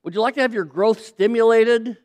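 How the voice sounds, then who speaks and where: A pastor delivering an emphatic sermon to a congregation, repeating key phrases and getting the audience to say words back with him. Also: male voice, very high-pitched, a little fast.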